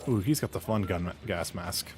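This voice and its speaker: Casting: teasing male game streamer, lowish voice, relaxed banter. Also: brisk, background noise. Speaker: streamer playing a shooter game. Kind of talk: casual gaming chat.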